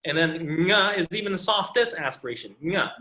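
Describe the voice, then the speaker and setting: High, bright-voiced male teacher. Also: expressive, brisk, reverberant. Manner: patient, demonstrating sounds repeatedly. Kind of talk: online pronunciation class. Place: video call.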